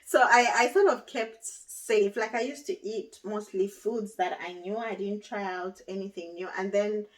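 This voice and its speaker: A woman's voice: mid-range voice, fairly even intonation, unhurried, hardly any pauses, far from the mic, poor audio. A woman chatting casually as a guest, laughing often and trailing off as she tells her story. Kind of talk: casual chat.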